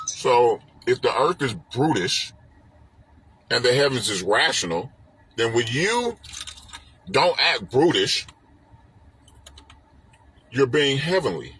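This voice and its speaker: A man's voice: medium pitch, big pitch swings, slow pace, long pauses, fairly bright tone, a little hiss or hum. A man hosting a live stream, explaining a spiritual text in an emphatic, repetitive, preaching way with rhetorical questions. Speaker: host and teacher. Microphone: phone or webcam on a live stream.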